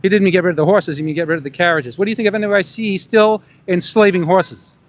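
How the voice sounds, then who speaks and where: A man's voice: high voice, fairly even intonation, fast. Needling street-interview man with put-on New York accent. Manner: leading, needling questions with muttered asides to camera. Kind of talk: confrontational street vlog. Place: outdoors on a city street. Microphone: camera on a tripod.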